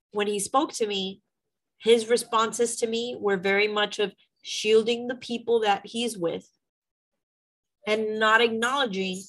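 Middle-aged mom, candid vlogger, emotional and venting. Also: female voice, mid-range voice, a bit bright, poor audio. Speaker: mother. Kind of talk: personal vlog storytelling.

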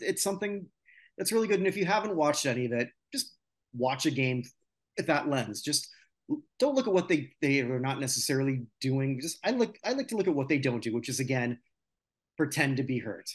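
A man's voice: medium pitch, big pitch swings, brisk. Opinionated man venting about sports. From North America. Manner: opinionated, ranting, many filler "uh"s. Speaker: podcast host. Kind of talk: casual sports chat.

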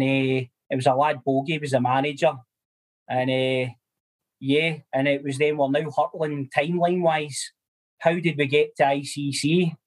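Husky Scottish man telling stories. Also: a little high. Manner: animated, swears freely, laughs often. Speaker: guest. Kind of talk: casual storytelling chat.

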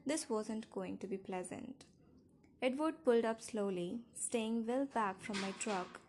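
Higher-voiced woman reading an audiobook. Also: noisy background. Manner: measured, steady first-person reading. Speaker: audiobook narrator. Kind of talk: audiobook narration.

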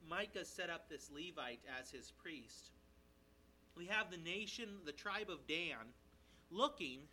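A male pastor preaching an expository sermon in a conversational, animated way, checking in with his listeners and briefly acting out the characters' lines. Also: fairly high pitch, a little hiss or hum, rough recording. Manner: animated, voices the characters' lines in quick asides. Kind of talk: sermon, expository Bible teaching.

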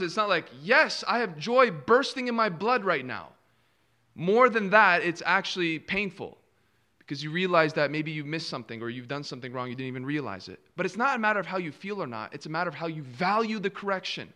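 A man preaching a sermon in a bright, forceful voice pitched a little above the usual male range. He leans on rhetorical questions, dropping to a near hush and then surging louder as he acts out what people say. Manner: rhetorical questions, acts out quoted replies with dramatic dips and swells in volume.

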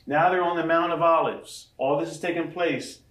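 A male pastor preaching a sermon with a fairly high voice, lively and acting out the quotes he reads. He stands back from the microphone, and his voice rings around an echoey room. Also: normal speed, recorded from a distance. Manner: animated, acts out scripture quotes. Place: large room with audience.

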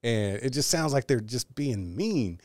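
A man's voice: mid-range voice, expressive, a little slow, darkish tone, no echo. A man hosting a podcast in casual chat, laid-back and slangy, laughing often, talking from home. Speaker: podcast host. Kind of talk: casual chat over video call. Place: home with his dog nearby. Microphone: camera and mic at desk.

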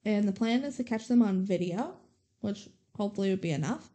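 Speaking briskly in a warm, mid-range, expressive voice, this podcast co-host walks through a movie scene by scene. Her recap is casual, chatty and story-driven, heavy on the word "like".

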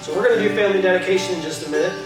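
A man preaching a sermon as pastor, conversational and earnest, sometimes quick and sometimes slow for emphasis. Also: sits high. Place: church sanctuary. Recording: distant mic in a very echoey hall with faint guitar.

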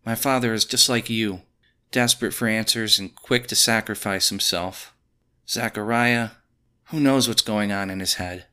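A man voicing a calm, perceptive woman who reads auras, asking soft, probing questions. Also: on the low side, moderate pace, clean tone, pitched above the performer's own voice. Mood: questioning.

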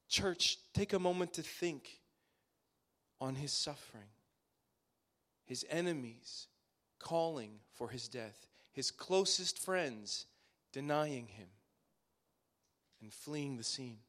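Dramatic preacher with hushed phrase endings. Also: male voice, a little high, a little slow. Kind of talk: sermon.

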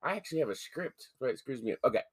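A man's voice: a little high, big pitch swings, quick pace, bright, forceful tone, slightly rough. A man hosting a horror podcast from home, joking around, swearing casually and laughing often. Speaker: podcast host.

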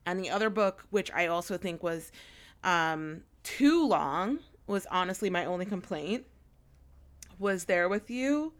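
A woman's voice: fairly low pitch, animated, unhurried. A woman co-hosting a casual book podcast, chatty and rambling with many fillers and restarts. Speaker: podcast co-host.

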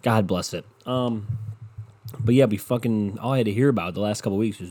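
A man's voice: on the low side, a little fast, warm tone, husky. A young man hosting a podcast, ranting casually and sarcastically about football with lots of swearing. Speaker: podcast host. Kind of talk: casual sports rant.

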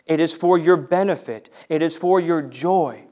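A man preaching a sermon, speaking in slow, emphatic phrases and repeating lines for weight. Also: a little high, a little mellow. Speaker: pastor.

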